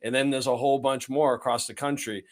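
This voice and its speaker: A man's voice: mid-range voice, flat delivery, fast talker. A man hosting a podcast, easygoing and conversational, often repeating words as he thinks. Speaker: podcast host. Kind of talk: casual chat.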